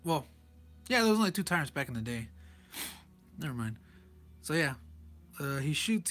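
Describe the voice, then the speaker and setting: A man's voice: medium pitch, normal speed, long pauses, a bit bright. A man casually reviewing a comic page by page, chuckling often and correcting himself in rambling asides. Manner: chuckles often and reads panel text aloud.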